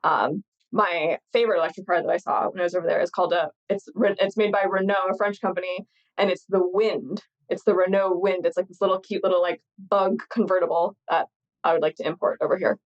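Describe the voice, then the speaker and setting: A woman's voice: fairly low pitch, steady tone, brisk. A woman co-hosting a podcast in casual chat, tired from travel, rambling and laughing often. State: tired, jet-lagged. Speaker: podcast co-host. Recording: slightly dull lo-fi sound.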